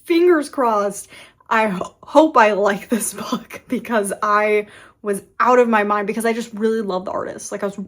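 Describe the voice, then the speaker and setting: A woman in her thirties talks through her reading in a loose, rambling vlog style. She keeps restarting her sentences mid-thought and has hiccups. Her voice sits at an ordinary pitch. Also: moderate pace, fairly bright tone. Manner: rambling, self-interrupting, with frequent restarts. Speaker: book vlogger. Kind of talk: casual chatty vlog.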